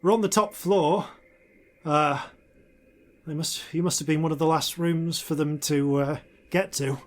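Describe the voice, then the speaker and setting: A man's voice: fairly high pitch, steady tone, unhurried, natural voice. A man voicing a chatty, flustered woman cleaner in her fifties who rambles with many hesitations.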